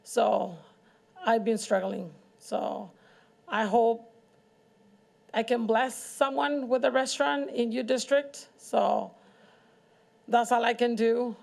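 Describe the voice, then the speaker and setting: A middle-aged woman, a local restaurant owner, speaks haltingly at a community meeting, with frequent pauses and restarts. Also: on the high side, creaky, a little mellow. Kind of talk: personal testimony at a public forum.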